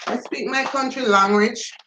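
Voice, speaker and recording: A woman's voice: a little high, moderate pace, bright, forceful tone, echoey room, slight background noise, low-quality recording. A middle-aged woman from Jamaica with a Jamaican accent, chatting casually on a livestream and answering viewer comments as she goes. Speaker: livestream host.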